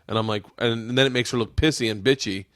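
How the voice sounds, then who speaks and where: A man's voice: medium pitch, steady tone, fast, a bit bright, no room sound, clean studio sound. A man in his forties hosting a podcast, telling stories in a rambling, profane way and acting out what others said. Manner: rambling, profane storytelling with acted-out quotes. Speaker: podcast host. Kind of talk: casual podcast chat. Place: home studio room.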